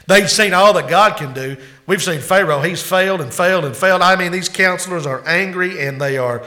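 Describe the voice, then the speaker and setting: Bright-voiced, emphatic male preacher. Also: high voice, brisk. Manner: emphatic preaching that swings between loud climaxes and hushed asides. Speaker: pastor. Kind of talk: sermon.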